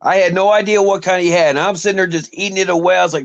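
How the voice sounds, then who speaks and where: A man telling stories in a loose chat, animated and slipping into the voices of everyone he quotes. His voice sits a little higher than most men's. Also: racing, vocal fry, highs cut off. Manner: animated storyteller who acts out quoted voices. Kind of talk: casual storytelling chat.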